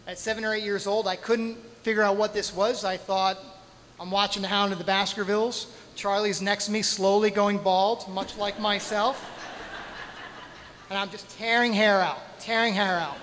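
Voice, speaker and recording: Performing live on a hall stage at a storytelling night, a man with a high, fairly bright voice tells a dramatic story with self-deprecating humor. He stretches it out with pauses and spoken sound effects. Long hall reverb trails each phrase over faint ambience and slight background noise.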